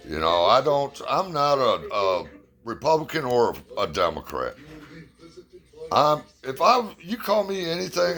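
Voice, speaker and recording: A man from the United States giving a blunt, profane opinion rant and telling a fable. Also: mid-range voice.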